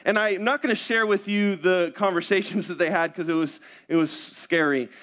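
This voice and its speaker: High-voiced man preaching a conversational sermon. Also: steady tone, normal speed, a bit bright. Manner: conversational, self-deprecating storytelling with rhetorical questions. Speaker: pastor. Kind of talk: sermon with prayer and personal stories.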